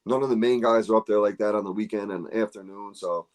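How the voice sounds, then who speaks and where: A man with a lowish voice talks at a quick clip, hosting a golf podcast. He's an animated storyteller, swapping tales in casual chat and swearing freely.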